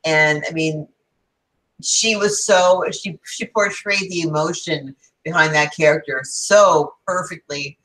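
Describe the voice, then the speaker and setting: A woman's voice: deep voice, slow pace, a bit bright, slight background noise, rough recording. A woman co-hosting a casual podcast chat, talking in an enthusiastic, emphatic way. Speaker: podcast co-host.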